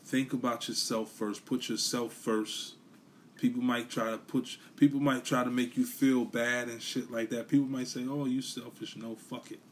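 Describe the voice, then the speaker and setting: A man's voice: medium pitch, level tone, moderate pace, a bit bright, a little hiss or hum. A man hosting his own podcast, ranting bluntly and profanely in casual solo commentary, repeating his points for emphasis. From New York City. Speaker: podcast host.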